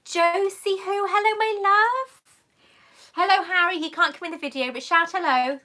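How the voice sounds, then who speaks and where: Bright, chatty British woman streaming live. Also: very high voice, fairly quick. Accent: British English. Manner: chatty and affectionate, calls viewers love and sweetheart. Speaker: YouTuber hosting a live Q&A. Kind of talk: casual live-stream chat reading viewer comments. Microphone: camera mic on a monopod.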